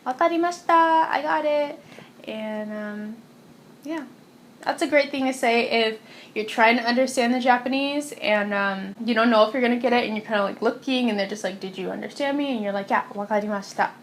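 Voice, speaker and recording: In a warm room at home, a chatty young woman who vlogs as a language teacher gives a casual phrase lesson, giggling and repeating each phrase slowly. Her voice is on the high side, with slight background noise.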